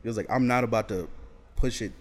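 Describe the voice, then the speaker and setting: A man's voice: mid-range voice, a little fast. A young man, a college student, chatting on a podcast about making videos, telling stories loosely with many "like"s and acting out his friends. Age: young adult. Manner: laid-back storytelling with lots of "like", acts out his friends. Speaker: guest, sketch video creator. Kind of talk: casual podcast chat.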